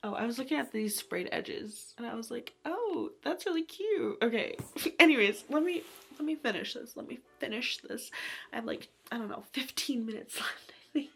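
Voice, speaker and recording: A woman's voice: a little high, moderate pace, breathy edge. Giggly rambling young woman. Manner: giggly and rambling, many "like"s, drops to a whisper at times. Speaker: booktube vlogger. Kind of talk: casual reading vlog chat.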